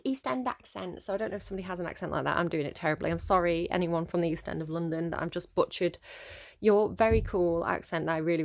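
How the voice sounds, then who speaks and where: A woman giving a casual tarot reading to camera at home, rambling and chatty with lots of fillers and small laughs. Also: medium pitch. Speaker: tarot reader.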